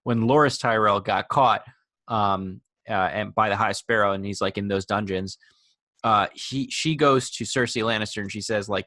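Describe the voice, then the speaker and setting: A man's voice: fairly low pitch, moderate pace, bright, forceful tone, no echo, clean studio sound. A young man co-hosting a podcast, rambling and argumentative, with lots of filler words. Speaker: podcast co-host. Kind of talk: casual chat.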